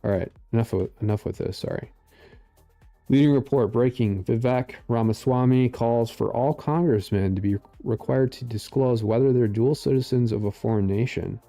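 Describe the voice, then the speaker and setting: A man's voice: mid-range voice, normal speed, warm tone, soft background music. A man in his forties reading posts and riffing on them in rambling, sarcastic casual commentary, full of fillers. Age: 40s. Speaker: political commentary streamer.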